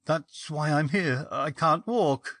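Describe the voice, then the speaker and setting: A man's voice: a little high, fairly bright tone, no room sound, clean studio sound, voice pushed up. A man voicing a tearful young policeman. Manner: tearful, halting. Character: distressed, weeping young policeman.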